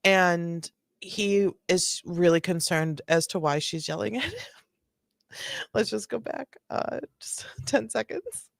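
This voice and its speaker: Woman host chatting and joking through a reaction video, lowish voice, dry close sound. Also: expressive, slow pace, creaky, no echo. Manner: chatty, joking, laughs often. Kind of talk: reaction commentary.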